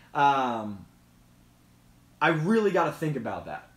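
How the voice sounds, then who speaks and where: A man with a high voice hosts a casual live Q&A. He is chatty and emphatic and repeats his points as he explains them. The sound is echoey and roomy. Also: lively intonation, moderate pace, fairly bright tone. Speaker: host.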